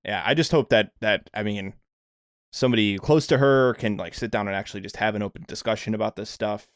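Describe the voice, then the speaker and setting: A man co-hosting a podcast in casual chat, joking and quick to laugh. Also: on the low side, no echo, studio quality. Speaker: podcast co-host.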